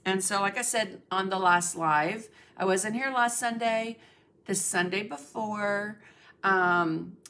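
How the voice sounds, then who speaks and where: A middle-aged woman with a mid-range, slightly bright voice hosts a casual art livestream as an art instructor. She takes it slowly, chatting, greeting viewers by name and using lots of fillers.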